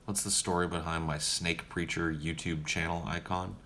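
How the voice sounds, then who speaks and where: Young male streamer, laid-back and foul-mouthed Q&A, with a bright, edgy tone and faint background noise. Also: low voice, level tone, moderate pace. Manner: profane, joking and laid-back. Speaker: streamer answering viewer questions. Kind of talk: casual livestream Q&A.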